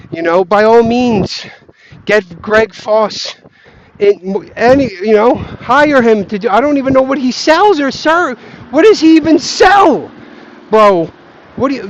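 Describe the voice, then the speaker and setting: This high-pitched male vlogger is stoned and out on a walk over grass, swearing through a heated, rambling rant about markets. It's a dull, lo-fi outdoor recording with a faint hiss or hum.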